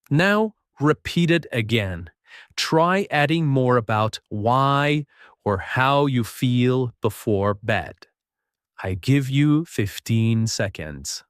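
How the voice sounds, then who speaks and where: A man teaching a beginner English lesson, speaking slowly and patiently and modeling sentences for listeners to repeat. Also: medium pitch, animated, dry recording, clean studio sound. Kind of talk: slow, clear spoken English lesson.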